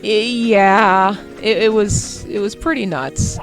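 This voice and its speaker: A woman's voice: medium pitch, slow pace, soft background music. A woman hosting a gaming video, chatting casually and animatedly while she plays, laughing often as she tells a story. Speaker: gaming channel host. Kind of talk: casual chat while playing a game.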